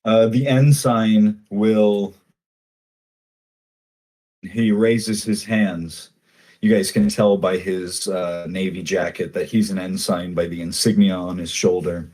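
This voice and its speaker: Low-voiced man running a tabletop game. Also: steady tone, a little mellow, rough recording. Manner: loose, halting, with many fillers. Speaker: game master.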